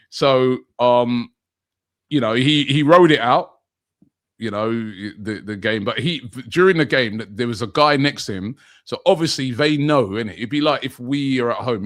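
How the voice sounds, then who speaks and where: A man, a podcast co-host telling a funny fan story in casual chat, putting on voices for the people he quotes. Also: medium pitch. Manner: animated storyteller, puts on voices for quoted fans.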